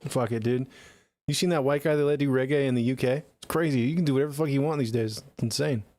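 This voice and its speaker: A man's voice: mid-range voice, steady tone, fast, a little mellow, no room sound. A laid-back man rambles casually through live music feedback, swearing freely. His voice sits in a middle range. The sound is close and completely dry, from a small home studio closet. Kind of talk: casual live-stream chat.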